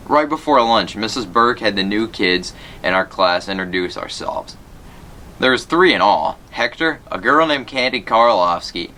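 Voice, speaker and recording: A man reads a children's novel aloud in a fairly low but bright voice. He tells the story plainly and gives the characters light voices. There is a faint rumble behind him. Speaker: reader.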